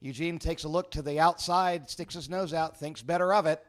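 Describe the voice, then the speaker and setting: A friendly man, a kart racer sitting in as guest commentator, describing passes and bumps on track. His voice sits a little higher than most men's. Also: steady tone, moderate pace. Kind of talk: live race commentary.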